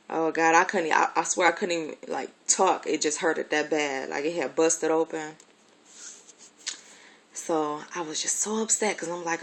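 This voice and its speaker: Woman, adult, lowish voice. Casual personal storyteller, candid, swears freely, rambles with fillers.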